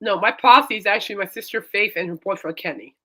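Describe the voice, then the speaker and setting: A woman's voice: medium pitch, fairly quick, a bit bright. A woman hosting a casual chat show, rambling and laughing often. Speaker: host.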